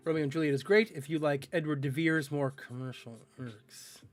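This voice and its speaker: A man's voice: a little high, steady tone, moderate pace, faint music behind. A male streamer in casual live-stream chat, joking with his viewers and tripping over tricky words.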